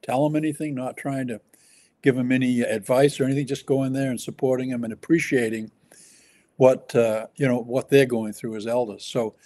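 A man speaking as a pastor in a relaxed ministry conversation, pausing and restarting often as he describes his work. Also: mid-range voice. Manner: halting, with many restarts and fillers.

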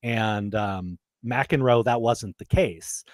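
A man's voice: lowish voice, takes it slowly, no room sound. A man co-hosting a podcast, telling stories in an emphatic, conversational way. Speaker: podcast co-host. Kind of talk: casual chat.

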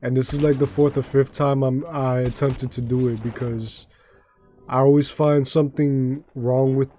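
A man with a slightly raspy voice, chatting casually with his viewers while streaming a game, rambling with lots of fillers and restarts. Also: medium pitch, little pitch movement, normal speed, dark tone. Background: faint background music.

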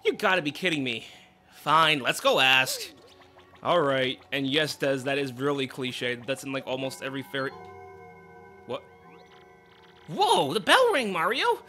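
A woman hosting a casual let's play, chatty and expressive as she reacts to the game. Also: a bass voice, normal speed, soft background music. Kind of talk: casual gameplay commentary.

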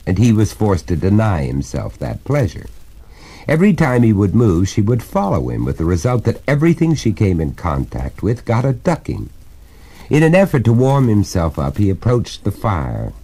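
A man narrating a spooky story in a theatrical, measured manner on a record. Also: low voice, warm tone, breathy edge. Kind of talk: dramatic horror story reading.

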